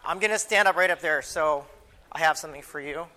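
Bright-voiced pastor teaching children. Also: male voice, fairly high pitch, fairly quick, a little hiss or hum. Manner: informal, repeats and restarts words while talking to children. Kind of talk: children's lesson in a church service. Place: church sanctuary.

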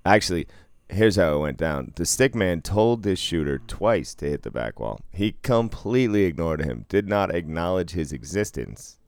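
A man's voice: deep voice, expressive, normal speed, few pauses, dry recording, studio quality. A man chatting casually as a podcast co-host, blunt and profane, laughing often. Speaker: casino dealer, podcast co-host. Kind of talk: casual chat.

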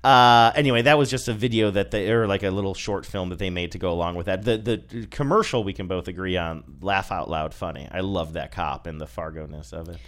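A man's voice: deep voice, brisk, few pauses, a bit bright. A man co-hosting a casual chat, thoughtful and prone to restarting his sentences. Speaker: podcast co-host. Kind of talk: casual chat reviewing commercials.

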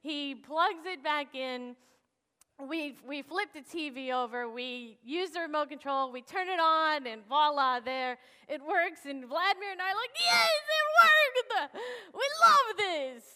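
A woman pastor preaching a sermon and telling a personal story in an animated, expressive way. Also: high voice, a little slow, in a large hall.

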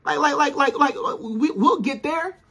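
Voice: sits high, unhurried, gravelly, a bit bright. A speaker giving faith-based relationship advice to women in a preachy, emphatic way, repeating points and using casual slang.

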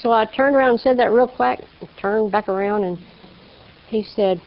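A woman with a gravelly, creaky voice tells her testimony in a folksy storytelling way. She acts out the voices of the people in her story. The recording is a little dull and lo-fi. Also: fairly high pitch, brisk. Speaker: speaker giving a testimony. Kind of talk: personal testimony.

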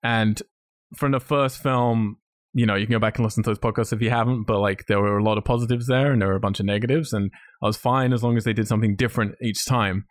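A man's voice: fairly low pitch, fairly even intonation, quick pace, dry recording, clean studio sound. A man co-hosting a podcast, ranting bluntly about a film and swearing in casual chat. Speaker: podcast co-host.

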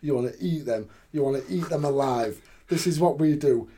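A man's voice: on the high side, normal speed, warm tone, lightly acted. A man retelling a domineering older boss's stern lecture in his own voice. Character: domineering older male boss laying down the law.

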